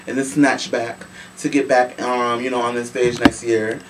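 A man from Chicago hosting a casual celebrity gossip show, sassy and animated, swearing freely. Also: mid-range voice, normal speed. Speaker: show host. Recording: voice from a distance with faint room noise.

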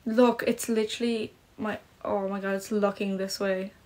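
A woman's voice: mid-range voice, little pitch movement, moderate pace, a little mellow. Chatty young woman livestreaming from her phone. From Ireland, Polish parents. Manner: chatty, self-conscious, lots of "like". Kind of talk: casual livestream chat reading comments. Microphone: phone camera.

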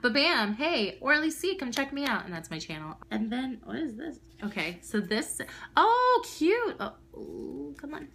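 A woman's voice: mid-range voice, pushed and bright. A young woman with a bubbly, gushing manner, talking casually to camera in an unboxing vlog at home. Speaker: vlogger.

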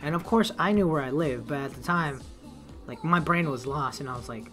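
A young man telling a casual story, swearing often and acting out quotes loudly. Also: on the high side, fairly quick, faint music behind. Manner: animated, swearing, acts out quotes in raised voice.

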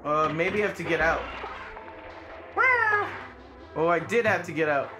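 A gamer giving casual, excitable commentary while playing, joking around and swearing freely. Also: mid-range voice, fast. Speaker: let's play gamer. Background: game music.

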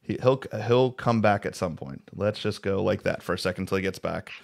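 A man's voice: low voice, a little fast, creaky. Male co-host, casual chat, rambling restarts, video-call mic. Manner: rambling, full of restarts and fillers. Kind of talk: casual pop culture chat.

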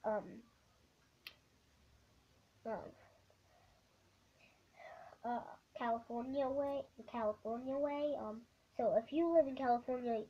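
Young girl vlogger, high voice, halting and rambling, muffled lo-fi camera sound. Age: child. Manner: halting, many ums and restarts. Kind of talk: rambling casual vlog.

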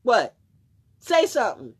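A woman's voice: on the high side, huge pitch swings, measured pace, husky. A woman hosting a live stream, talking casually in a rambling, emphatic way with frequent swearing and restarts. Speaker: livestream host.

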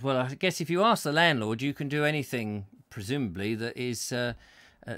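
Chatty man with a lively voice. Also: mid-range voice, no room sound, clean studio sound. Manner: chatty and self-mocking, often laughs and trails off with fillers. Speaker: host of a comedy chat show. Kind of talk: rambling live chat, reading viewer comments.

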